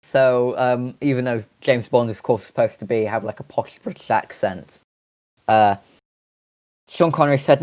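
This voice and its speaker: A man co-hosting a casual podcast, talking in a halting way with frequent pauses and restarts. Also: medium pitch, darkish tone, highs cut off. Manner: halting, many fillers and restarts. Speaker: podcast co-host.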